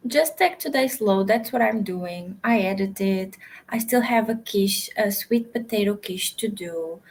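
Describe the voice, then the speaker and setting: Slow-talking easygoing woman co-host. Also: medium pitch, rough recording. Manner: unhurried, easygoing, giggly. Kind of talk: casual chat.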